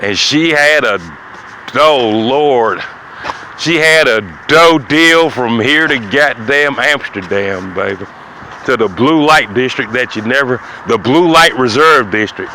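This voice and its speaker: A man hosting his own show, delivering a rambling comic monologue in a preachy, repetitive way that swings from loud to muttering. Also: medium pitch, takes it slowly, slight background noise. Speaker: show host.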